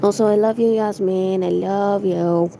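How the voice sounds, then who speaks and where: Young woman, slow unhurried chat, gravelly fry, giggly and foul-mouthed. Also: medium pitch, steady tone, mellow, slight background noise, low-quality recording. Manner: rambling, giggly, swears a lot. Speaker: streamer. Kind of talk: casual chat to viewers.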